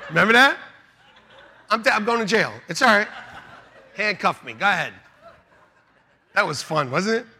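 A middle-aged man, a pastor, preaching a sermon with animated storytelling, laughing and shouting out quotes. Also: high voice, normal speed, pauses often, noisy background.

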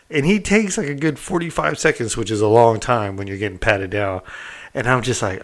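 A middle-aged man with a low voice spins a personal story in a loose, candid way. He keeps checking in with his listener and drops the odd curse word. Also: fairly quick. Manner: candid and animated, peppered with "right?" and mild cursing. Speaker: storyteller recounting prison life. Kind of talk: casual anecdotal storytelling.

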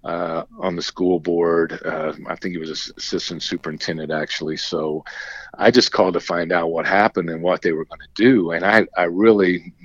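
A man's voice: sits low, steady tone, normal speed, fairly bright tone, dry recording. An older man from Indiana, a former basketball coach, telling long stories with many restarts as an interview guest. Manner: rambling, many restarts, acts out quoted talk. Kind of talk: storytelling interview chat. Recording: dry, slightly dull recording.

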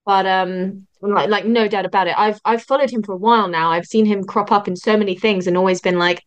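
A woman's voice: mid-range voice, a little fast, clear, resonant tone. Gushing woman in casual chat. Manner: gushing, excitable. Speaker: podcast guest.

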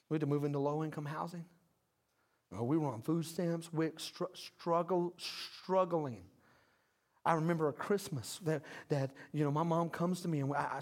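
A pastor in his thirties preaching a lively sermon, calling out to the congregation. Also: a little high. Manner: animated preaching with call-outs.

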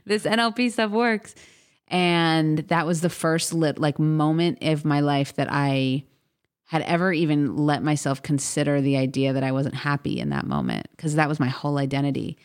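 A woman's voice: deep voice, expressive, normal speed, clean tone. A woman in her thirties, a podcast guest chatting casually, talking in rambling runs full of fillers and restarts and acting out what others said. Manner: chatty, many fillers and restarts, acts out quotes. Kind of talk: casual interview chat.

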